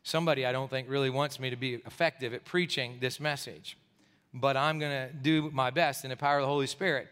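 This middle-aged pastor from Pennsylvania speaks in a smooth mid-range voice, a little fast, recorded in an echoey church hall. Though tired after a sleepless night, he tells his sermon story animatedly, acting out the people in it from the sanctuary.

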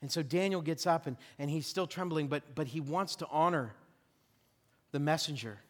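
A male pastor preaching a sermon, telling the story in a lively way with joking asides, in a church. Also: on the high side, moderate pace, long reverb tail. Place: church sanctuary.

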